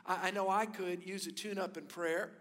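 A male pastor preaching a sermon, telling stories with animated delivery and building to emphatic peaks. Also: high-pitched, moderate pace, in a large hall.

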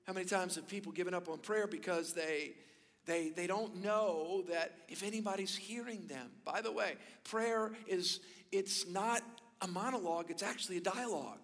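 High-voiced male preacher in a big hall. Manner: animated storytelling, rising to emphatic peaks. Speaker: pastor. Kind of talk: sermon.

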